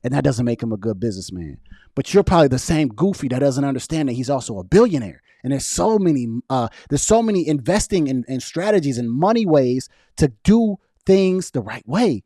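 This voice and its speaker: A young man speaking casually on a livestream, arguing back at viewers' chat comments in an animated, argumentative way. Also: mid-range voice, fairly quick, no echo, clean studio sound. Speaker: political vlogger reading live chat.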